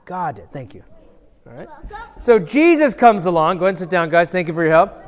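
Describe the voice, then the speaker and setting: A male pastor telling a Bible story to children in a playful, animated way, asking the kids questions and acting out voices. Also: high-pitched, brisk. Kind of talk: lively children's sermon with audience participation. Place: large church hall. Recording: long church hall reverb.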